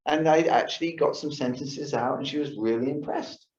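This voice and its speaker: This man's voice sits on the high side and is a little mellow, at a moderate pace. Addressing a yoga class in the studio, he talks casually about lifestyle, acting out his thoughts and asking "right?" often. The sound is roomy, dull, and lo-fi.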